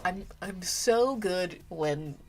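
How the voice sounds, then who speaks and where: A woman's voice: lowish voice, animated, extremely slow, a little mellow. A woman streamer chatting casually with viewers while she draws, giggling often and trailing off into restarts mid-thought. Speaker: streamer drawing live. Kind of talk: casual livestream chat while drawing. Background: faint background music.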